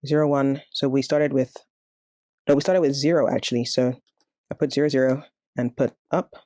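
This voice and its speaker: A man teaching a coding tutorial, calmly explaining each step of a screen recording. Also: medium pitch, moderate pace, no room sound, clean studio sound. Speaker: programming tutor.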